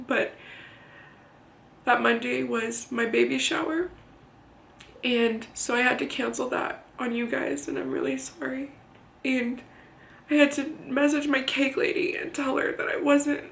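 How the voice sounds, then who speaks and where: A young woman vlogging, telling a personal story to the camera in a candid, halting way, swearing now and then and close to tears. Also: sits high, gravelly, fairly bright tone. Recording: roomy echo.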